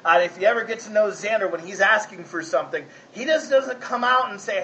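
A man's voice: high-pitched, a little fast, bright, forceful tone, dull audio, slight background noise. A man preaching a conversational sermon, folksy and often asking his listeners if they follow. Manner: folksy, asks the congregation 'right?'. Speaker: pastor.

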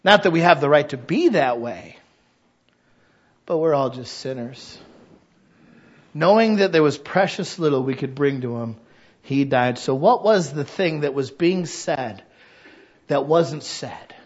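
A man preaching a sermon as pastor in a church, candid and self-deprecating, swinging from quiet confiding to loud impassioned preaching. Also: fairly high pitch, animated, unhurried, long pauses, breathy edge, lo-fi sound. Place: church sanctuary.

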